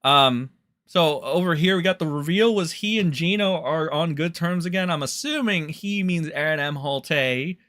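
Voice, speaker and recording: A man's voice: a little high, normal speed, fairly bright tone. A young man hosting a livestream, rambling and swearing as he comments on online drama and talks to his chat.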